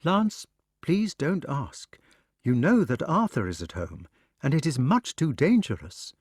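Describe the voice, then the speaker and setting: A proud queen with a quick temper, lifted high and lively, as a male narrator puts her on. Her talk turns sharp and scolding, in a storybook reading. The sound is close and dry. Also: slightly rough, no echo, exaggerated voice. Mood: pleading.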